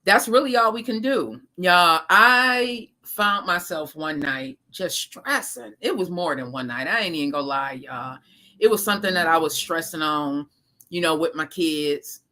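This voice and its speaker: Bright-voiced woman chatting on a live stream. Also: on the low side, expressive, measured pace. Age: 30s. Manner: talks straight to viewers with slang, laughs often. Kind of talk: casual live-stream chat reading viewer comments.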